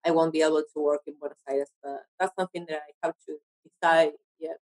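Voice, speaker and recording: In a casual interview, a guest actress from Argentina speaks English as her second language with an Argentinian Spanish accent, frequently stopping to hunt for words. Her voice is low, steady and darkish. The recording is low quality.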